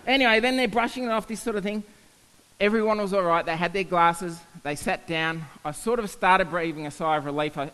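A young man, a science teacher, tells funny stories to an audience in an animated way and laughs at himself. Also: high-pitched. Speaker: science teacher giving a talk. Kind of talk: storytelling talk to an audience. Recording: hall reverb.

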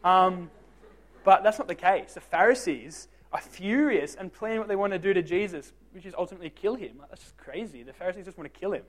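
Young man, high voice, youth group speaker, jokey, self-deprecating, talks straight to teens. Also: brisk. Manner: joking, self-deprecating storyteller. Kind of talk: casual youth group talk.

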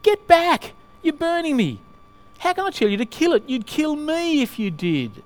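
A man's voice: fairly high pitch, lively intonation, a little fast, close to an everyday voice. A man voicing a male ghost who pleads and protests as he clings to his sin. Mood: panicked.

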